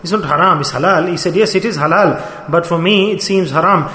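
A male preacher with a high-pitched, bright, forceful voice delivers a moral story in his sermon. He presses urgent questions again and again, repeating phrases in rapid bursts, while the hall's reverb echoes around him.

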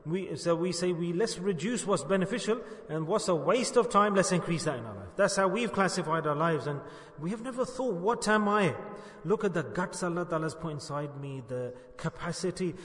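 Male preacher, higher-pitched voice, earnest storytelling sermon, recorded in a reverberant hall. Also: lively intonation, fairly quick. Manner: earnest, storytelling, asks rhetorical questions. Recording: echoey hall with long reverb.

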